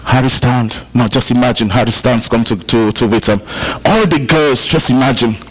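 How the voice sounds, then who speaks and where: In this poor recording of a church service, an African pastor repeats his main points for emphasis and chats with listeners. His mid-range voice is a little fast with a breathy edge.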